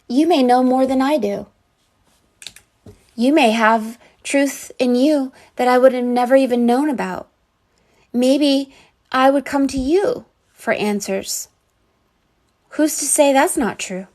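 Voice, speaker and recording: Woman, psychic reader, live reading, earnest, rambling, fillers, fairly high voice. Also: slow, pauses often, a little mellow.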